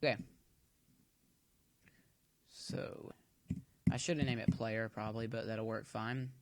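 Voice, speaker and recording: Against a noisy background, a fast-talking man with a lowish voice and fairly even intonation makes a coding tutorial at home. It's casual and rambling, with corny jokes tossed in while he waits.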